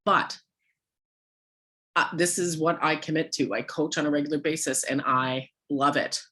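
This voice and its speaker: A woman with a hoarse, worn-out voice giving a motivational coaching talk to a sales team, firing off rhetorical questions at her listeners. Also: sits low, fairly even intonation, normal speed, bright, forceful tone.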